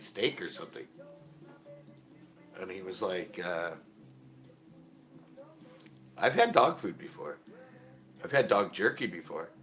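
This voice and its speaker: Rambling low-voiced man telling stories. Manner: rambling storyteller, acts out quotes loudly and laughs often. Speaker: host of a fishing channel livestream. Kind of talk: casual live-stream chat.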